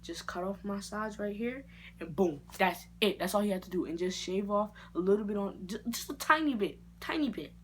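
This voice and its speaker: A young adult woman vlogger telling a story in a casual, slangy way and jumping into high-pitched reactions. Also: animated, moderate pace, a little hiss or hum.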